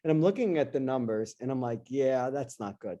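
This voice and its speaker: A middle-aged man, a guest in an interview, telling a personal story in an animated, casual way and acting out his own past lines. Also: medium pitch, brisk, muffled recording. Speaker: interview guest, dentist and investor.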